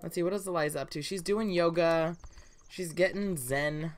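A woman's voice: fairly low pitch, moderate pace, a little hiss or hum. Chatty woman gaming host. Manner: chatty, many fillers, giggly. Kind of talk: casual let's play commentary.

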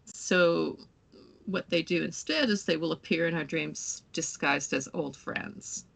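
Woman rambling casually, gravelly fry, acts out quotes. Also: sits low, a little slow, a bit bright. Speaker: co-host. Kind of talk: casual spiritual discussion.

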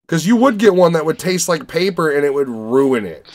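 A young man from the Chicago area, hosting a casual movie podcast and talking in a profane, rambling, animated way. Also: fairly high pitch, normal speed. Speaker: podcast host reviewing movies. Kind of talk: casual chat.

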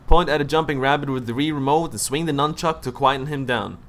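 A young man hosting a let's play, talking in casual, loud commentary full of swearing and jokes. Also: medium pitch, fast, a little hiss or hum. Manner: loud, swearing, jokey, animated outbursts. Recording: game music playing behind.

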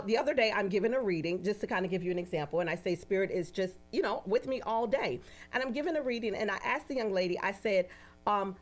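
Rich: A woman guest speaking in a casual interview, with a middle-pitched voice. She tells her stories with animation and acts out each quoted line. She keeps checking in with "you know" and "right?".

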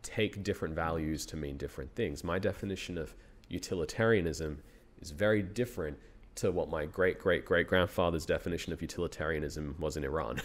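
Deep-voiced Australian man, reflective. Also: a little fast, few pauses. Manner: reflective, thinks aloud, laughs often. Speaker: guest, university researcher. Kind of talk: casual interview conversation.

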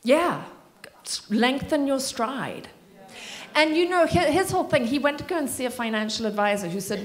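A woman's voice: on the high side, expressive, moderate pace. A woman author in a library community room, reading expressively from her memoir and answering audience questions with wry asides.

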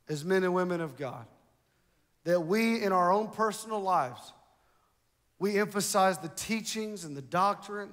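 A man's voice: a little high, normal speed, fairly bright tone, long reverb tail. A man preaching a sermon as pastor, building emphasis and repeating phrases for the congregation. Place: large church hall.

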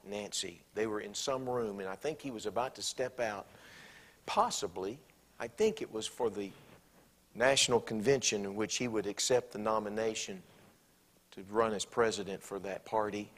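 A man preaching a sermon in a church, animated and bursting into acted-out quotes. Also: lowish voice.

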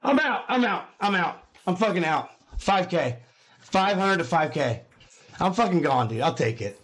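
A man streaming his gambling live, reacting with excitable, profane bursts of exclamation. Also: high voice, moderate pace, breathy edge. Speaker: gambling livestreamer.

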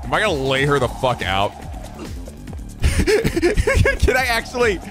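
A man hosting a let's play, commenting with excitable, shouty, profane jokes. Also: on the high side, slow pace, over music. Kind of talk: gaming commentary.

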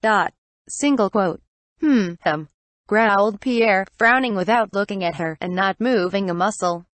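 Woman narrating a classic novel, steady and even. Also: medium pitch, normal speed, no room sound. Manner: even, steady reading that speaks the punctuation aloud. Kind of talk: audiobook narration.

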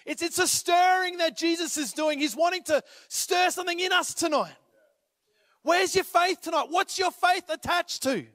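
A man preaching a sermon as pastor, swinging between urgent, rising calls and quiet appeals, sometimes acting out the people in the story. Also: very high-pitched, normal speed, dry recording. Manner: impassioned, rises to urgent calls then drops to quiet; acts out voices when retelling scripture.

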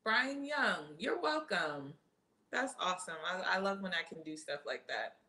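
A woman athlete answering viewer questions in a casual, excitable chat, full of "um" and "like.". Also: fairly low pitch, a little slow, low-quality recording. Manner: animated, excitable, many fillers.

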